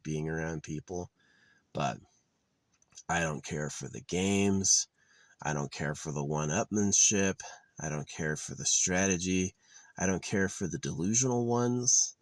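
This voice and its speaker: Outdoors, a male vlogger with a low-pitched voice delivers an angry monologue, ranting with profanity, sarcasm and open contempt. There's no room sound on the recording.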